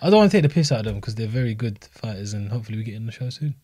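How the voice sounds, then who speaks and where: A young man, co-hosting a casual podcast chat, teasing and cutting in quickly. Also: lowish voice, animated, mellow, dry recording. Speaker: podcast co-host.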